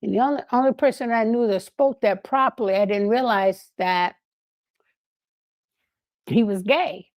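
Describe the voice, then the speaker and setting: An older woman telling lively anecdotes in a casual way, laughing often and acting out what others said. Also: mid-range voice, measured pace, pauses often, dry recording. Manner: animated, laughing, acts out quoted voices. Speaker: guest storyteller.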